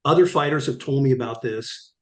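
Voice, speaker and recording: A middle-aged man tells his stories with animated drive and acts out the lines of the people in them. His voice sits at an everyday pitch, and the room around him is roomy and echoey. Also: a little fast. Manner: vivid, acts out quoted dialogue. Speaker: guest. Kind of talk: animated storytelling.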